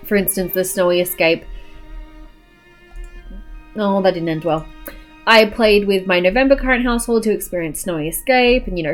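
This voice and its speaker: A young woman chatting casually as a gaming YouTuber, emotional and gushing as she shows off her game. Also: mid-range voice. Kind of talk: casual gameplay commentary.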